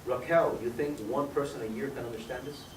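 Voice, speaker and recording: A man giving a persuasive sales pitch at a meeting with guests, quizzing listeners by name with numbers and questions. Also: fairly even intonation, brisk. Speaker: business opportunity presenter. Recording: echoey room, mic far off, faint background noise.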